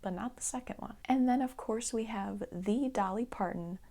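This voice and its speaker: Chatty woman reviewing animated movies. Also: a little high, moderate pace. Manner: chatty, rambling, laughs easily, drops into whispered asides. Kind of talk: casual movie review chat.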